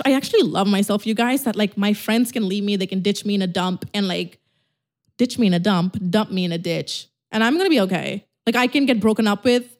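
A young woman whose first language is not English, hosting a casual solo podcast, blunt and swearing, acting out little dialogues. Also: medium pitch. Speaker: podcast host.

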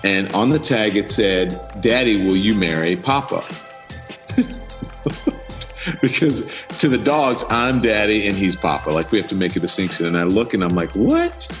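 A man's voice: normal speed, faint music behind. A middle-aged man telling a personal story as an interview guest, acting out what people said with big jumps in his voice. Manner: animated, acts out quotes with big pitch jumps. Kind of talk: casual storytelling.

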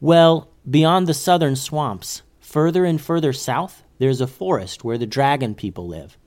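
Gentle dragon boy, read by a man; unhurried, earnest. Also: a little high, lively intonation.

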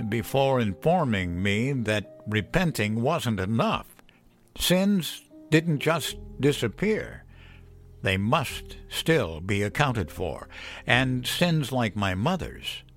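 Slow, measured male horror narrator. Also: medium pitch, fairly bright tone. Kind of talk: scripted horror story narration.

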